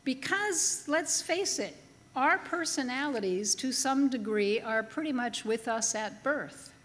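A woman preaching a sermon in a chapel, telling a story with humor in a slow, deliberate way. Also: high-pitched, animated, fairly bright tone. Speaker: pastor. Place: large chapel. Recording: long reverb of a chapel hall.

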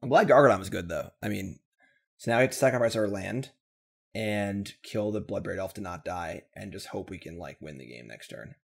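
Low, gravelly male host for casual card game commentary, slightly husky, theatrical in his gloom. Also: animated, brisk. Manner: mock-dramatic self-pity, then upbeat wrap-up. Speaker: Magic gameplay video host.

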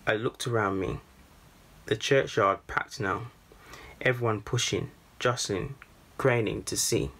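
A man narrates a storybook in a calm, measured read. His voice sits low and has a husky, breathy grain. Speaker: storybook reader. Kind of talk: first-person storybook narration.

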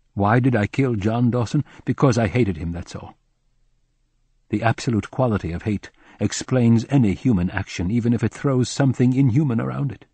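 A man reads a first-person novel aloud, measured and grave. His voice is mellow and slightly husky. The recording is close and dry, with no room sound. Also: on the low side, no echo. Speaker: audiobook narrator. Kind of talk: first-person literary narration.

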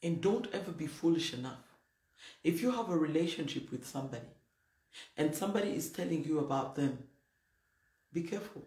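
A woman's voice: low voice, animated, fairly quick, pauses often, mellow. A woman pastor preaching a sermon in a blunt, emphatic, plain-spoken way. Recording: roomy echo, faint noise.

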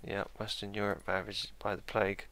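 A man's voice: on the low side, completely flat delivery, a little fast, fairly bright tone, smooth. A man musing aloud while playing a strategy game, correcting himself and adding dry asides. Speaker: let's play gamer. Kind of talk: casual game commentary.

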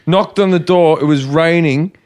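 A man's voice: on the high side, normal speed, a little mellow, smooth. A man in a casual chat, telling a profane story in a punchy way.

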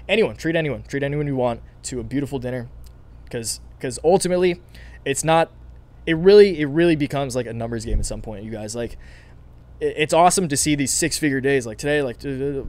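A man's voice: mid-range voice, darkish tone. A man hosting his own stock market channel, talking casually and eagerly to viewers with a scratchy throat, full of fillers and restarts. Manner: fast, filler-heavy, enthusiastic talk with many restarts.

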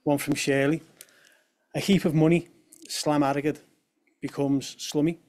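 A man's voice: on the high side, level tone, measured pace, darkish tone. A young man from presents a talk to an audience and drops in light humorous asides. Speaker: speaker at a talk on language.

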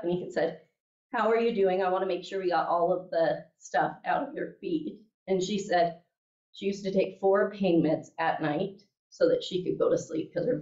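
A woman's voice: on the low side, darkish tone. A woman teaching a class, telling a story in a chatty way and often checking in with her listeners. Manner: chatty, keeps checking in with "okay?" and "right?". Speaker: class instructor. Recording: echoey room, mic at a distance, dull sound.

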